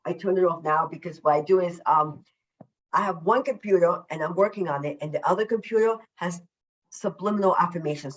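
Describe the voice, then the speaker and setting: A woman, a self-love coach, talking as a podcast guest over a video call, effusive and emphatic, deliberately slowing down her naturally quick way of speaking. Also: on the low side, highs cut off. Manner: deliberately slowing her usual fast speech. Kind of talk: casual podcast interview.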